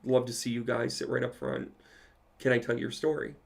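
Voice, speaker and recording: A man's voice: mid-range voice, flat delivery, normal speed, creaky. A man, a psychic medium, telling a personal story in a casual live Q&A and swearing freely as he goes.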